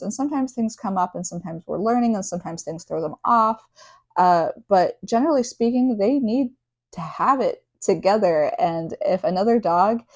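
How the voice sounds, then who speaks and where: Chatty young woman, low voice. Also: a little mellow. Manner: chatty and candid, lots of fillers and asides. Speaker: vlogger and service dog handler. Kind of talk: casual talk to camera.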